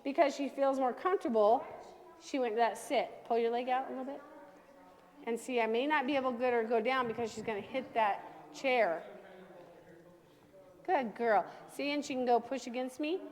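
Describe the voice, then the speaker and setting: A woman with a high voice runs a dog training class, coaching owners step by step. She keeps checking in with a quick "okay?" as she explains. Her voice carries a long reverb, as if recorded in a hall. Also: darkish tone.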